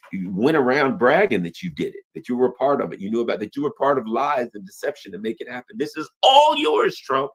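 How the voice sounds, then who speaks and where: A man hosting a casual political commentary show, talking emphatically with rhetorical questions and quick mimicked asides. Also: mid-range voice, slightly rough. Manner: mimics other people in quick quoted asides.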